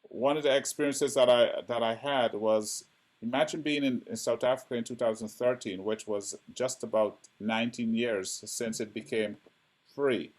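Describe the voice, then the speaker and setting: A male actor talking as a guest on a podcast. His voice sits at an ordinary middle pitch. He tells his stories eagerly and keeps checking in with his listener by asking "right?". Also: fairly even intonation, moderate pace. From Canada. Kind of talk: casual chat.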